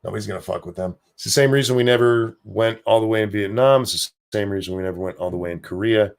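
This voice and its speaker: Low-voiced man rambling on a livestream. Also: quick pace, creaky. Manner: rambling, profane, offhand. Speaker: livestream host. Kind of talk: casual livestream chat, reading viewer comments.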